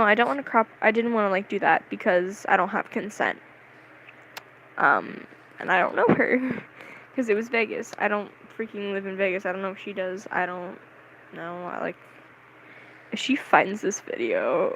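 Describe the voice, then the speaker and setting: A woman vlogger telling a story in a casual, rambling, excitable way, often mocking herself. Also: mid-range voice, a little hiss or hum, low-quality recording.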